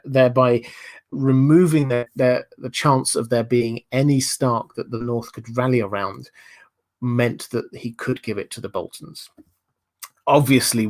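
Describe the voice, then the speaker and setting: A man hosting a live-streamed lore discussion, explaining theories in a thoughtful, analytical way and answering viewer chat. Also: mid-range voice. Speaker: livestream host.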